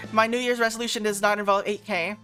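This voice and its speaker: A woman gaming streamer giving casual gameplay commentary, full of laughing asides and quick self-corrections, over game background music. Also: mid-range voice, steady tone, pushed and bright.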